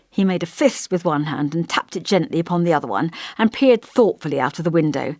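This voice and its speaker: Female audiobook narrator, low voice, measured and expressive, dry booth sound. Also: no echo.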